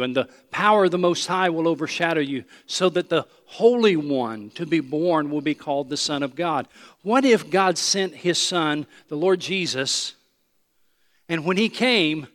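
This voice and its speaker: A man preaching a sermon, emphatic and repeating his phrases, sometimes dropping to a hushed voice. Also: fairly high pitch. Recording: long hall reverb.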